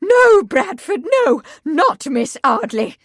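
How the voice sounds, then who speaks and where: A woman reading an audiobook, voicing an imperious, hysterical older aristocratic mother who speaks in a shrill, cutting way. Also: moderate pace, no echo, studio quality, natural voice. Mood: shrieking.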